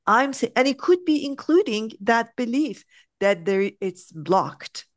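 Woman, spiritual coach, easygoing chat, slows to stress points, dry close sound. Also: fairly high pitch, no echo. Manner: animated storyteller, acts out quotes. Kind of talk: casual spiritual conversation.

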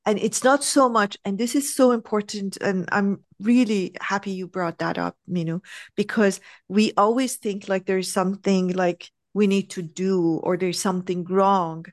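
A woman talking as a spiritual coach, slowing down to stress her points and acting out the people in her stories. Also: mid-range voice, dry recording. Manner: animated storyteller, acts out quotes. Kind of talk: casual spiritual conversation.

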